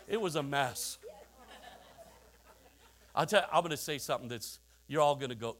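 A man's voice: a little high, lively intonation, moderate pace, pauses often, a bit bright. A middle-aged man preaching a sermon, telling stories with chuckling asides and rhetorical questions to the congregation. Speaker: pastor.

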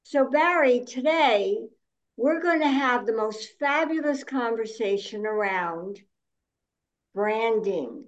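A woman hosting a podcast as a coach, chatting in an unhurried way. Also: a little high, expressive. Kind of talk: casual podcast chat. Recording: dull lo-fi sound.

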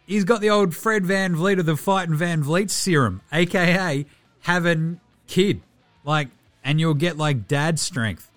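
A young Australian man runs through game stats in a loose, animated podcast recap. His voice sits a little high for a man, and he swears and pokes fun at himself as he talks. Faint music plays quietly underneath. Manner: animated, swearing, self-mocking, quick stat rundowns. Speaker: basketball podcast host.

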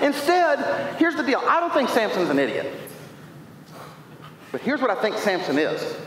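A male pastor preaching with a high, lively voice that swoops up and down as he tells the story with playful energy. His words bounce around a large, echoey church hall. A faint hiss sits under the long reverb. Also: normal speed. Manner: animated, playful storytelling, jumping between loud and quiet. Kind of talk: sermon.

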